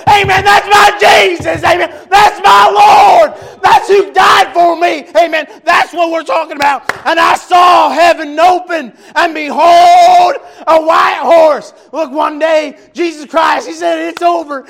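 A man preaching a fervent revival sermon, often shouting and repeating refrains. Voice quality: gravelly, high-pitched voice.

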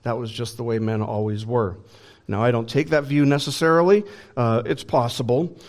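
A man's voice: medium pitch, fairly even intonation, normal speed, darkish tone. Conversational male pastor preaching. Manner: conversational with frequent "uh" fillers and restarts. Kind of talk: sermon.

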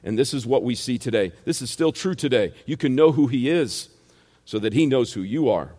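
A man's voice: medium pitch, animated, brisk, warm tone. Male preacher, rural American accent, emphatic, mid-range voice, long hall reverb. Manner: emphatic, rhetorical questions. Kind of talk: expository sermon.

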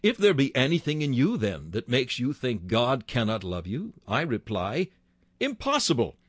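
A man's voice: medium pitch, big pitch swings, moderate pace, breathy edge, dry recording. Fervent male preacher, dry close sound. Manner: fervent, dramatic rises on key words. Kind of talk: sermon.

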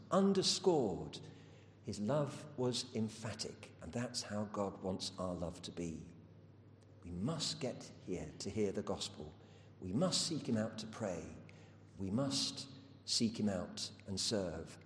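Preacher in an echoey hall. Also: male voice. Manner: earnest storytelling with rhetorical questions. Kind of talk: sermon. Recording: echoey hall with faint rumble.

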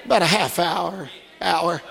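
In a church with a big-room sound and slight background noise, a male pastor preaches at a measured pace. His voice sits high, creaky, pushed and bright, and he earnestly repeats phrases while asking the congregation rhetorical questions.

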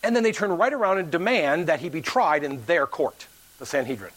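A man preaching a sermon to his church, telling a story and acting out the people in it. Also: a little fast. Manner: animated preaching, acts out quoted voices with big pitch swings. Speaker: pastor.

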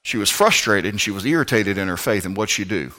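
A male pastor preaching a sermon, swinging between loud, pleading passages and quiet, low asides. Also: expressive, quick pace.

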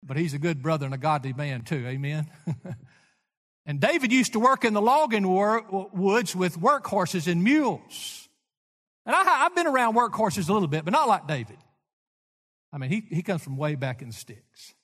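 An older man delivers a sermon in a high, lively voice that climbs and drops sharply. He tells folksy stories and swings from loud emphasis to hushed asides. His voice rings with a long echo through a church hall. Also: moderate pace. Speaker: pastor.

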